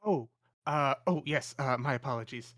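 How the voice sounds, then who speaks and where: A man's voice: mid-range voice, normal speed, fairly bright tone, no echo, studio quality, natural voice. A man doing a flustered young priest's assistant. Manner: hesitant, stumbling with many "uh"s.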